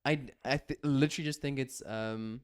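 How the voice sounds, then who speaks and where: A man's voice: medium pitch, normal speed, clear, resonant tone, dry recording, clean studio sound. A man co-hosting a podcast in casual chat, blunt and opinionated, swearing now and then. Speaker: podcast co-host.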